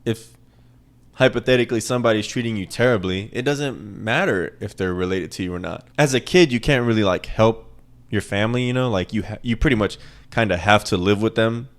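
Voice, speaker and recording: Male podcast host, casual profane rant, repetitive for emphasis, low-pitched. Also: a little fast. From American South. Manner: profane, rambling, repeats lines for emphasis.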